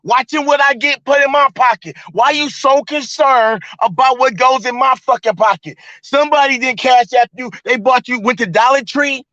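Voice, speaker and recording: Extremely high-pitched, bright, and forceful with no echo, this man's voice arrives through dull, lo-fi stream audio. As livestream host, he delivers a heated rant that's fast, profane, and full of mockery.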